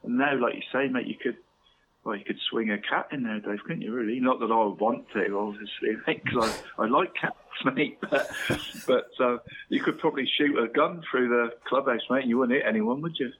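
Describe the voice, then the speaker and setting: A man's voice: medium pitch, fairly quick. A jokey male co-host chats about local football, tacking a friendly "mate" onto nearly every phrase and often laughing. He comes through a thin, phone-like line with a faint hiss behind him. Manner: matey, laughing, says "mate" constantly. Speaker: radio show co-host. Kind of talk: casual chat.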